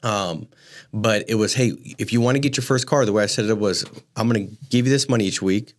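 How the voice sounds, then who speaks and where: A man in his thirties co-hosting a podcast, telling stories in casual chat and jumping up in pitch to stress a point. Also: fast talker. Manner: animated storyteller, rises in pitch for emphasis. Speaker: podcast co-host.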